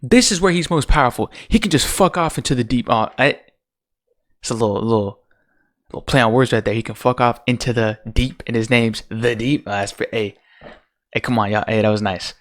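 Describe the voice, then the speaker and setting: A TV show commentator rants casually about a show's finale, sounding profane and exasperated and firing off rhetorical questions. His voice is mid-range and a little fast.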